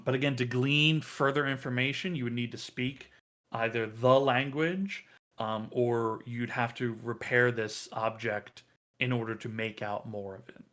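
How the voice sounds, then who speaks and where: A man narrating a tabletop game as game master, halting with many ums and uhs. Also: mid-range voice, a bit bright.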